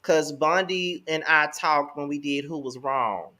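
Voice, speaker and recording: A man co-hosting a casual celebrity gossip chat, talking with animated swings between loud and soft. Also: fairly high pitch, a little slow. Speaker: co-host.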